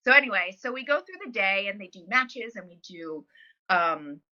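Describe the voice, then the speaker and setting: A woman's voice: medium pitch, animated, moderate pace, bright, forceful tone. A woman telling stories in a casual interview, chatty and filler-heavy, acting out the lines of people she quotes. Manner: chatty storyteller, many fillers, acts out quotes. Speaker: podcast guest, former wrestler. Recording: dull lo-fi recording.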